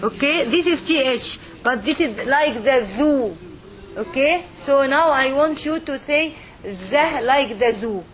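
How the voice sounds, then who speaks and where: Speaking slowly with lively intonation, this woman's voice sits high. She is a language teacher leading a lesson for a group of students, patiently modelling sounds and asking "okay?" along the way.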